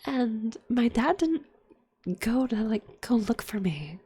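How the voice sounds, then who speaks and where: A woman's voice: on the high side, very animated, slow, dark tone, a little hiss or hum. A young adult woman telling a candid, profane personal story in whispered ASMR chat, full of fillers. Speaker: streamer.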